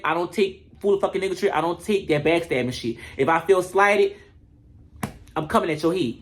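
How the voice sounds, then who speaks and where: A comedic commentator recapping a reality show in a brash, profane, gossipy way. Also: mid-range voice.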